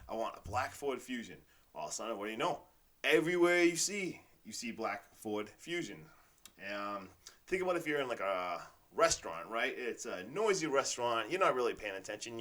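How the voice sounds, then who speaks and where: A man's voice: fairly low pitch, a bit bright. Enthusiastic rambling male podcast host. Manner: rambling, filler-heavy, enthusiastic; says "like" and "literally" often. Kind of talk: casual motivational monologue.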